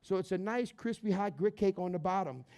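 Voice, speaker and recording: A man's voice: sits high, fairly quick, a little mellow. A man hosting a cooking demonstration, upbeat and chatty, calling his audience "guys" and "baby". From New Orleans area, Louisiana. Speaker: chef hosting a cooking show.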